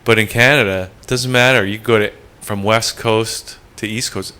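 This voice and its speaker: A man in a casual group discussion, animated, pitching ideas and asking others to agree. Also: normal speed, clean tone. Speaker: meeting participant.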